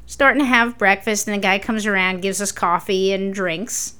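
A woman co-hosting a podcast, telling stories in casual chat, animated and swearing freely. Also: medium pitch, moderate pace, clean tone. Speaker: podcast co-host.

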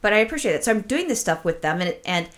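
A woman co-hosts a podcast and tells a story with casual, swearing excitement. She acts out her own reactions as she goes, in a voice of ordinary pitch for a woman. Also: very fast. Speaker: podcast co-host.

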